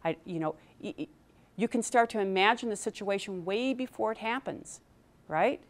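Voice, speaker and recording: A woman's voice: medium pitch, moderate pace. A middle-aged woman giving a motivational talk on public speaking to a live audience, quizzing the room and acting out nervous inner voices. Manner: animated, asks the audience questions, acts out nervous inner voices.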